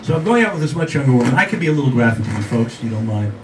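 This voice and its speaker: Rapid-fire and sing-song, a medium-pitched man in his sixties jokes at his own expense during a live stand-up set, addressing the audience directly in a chatty style. The background is noisy, with the roomy, distant capture picking up the crowd.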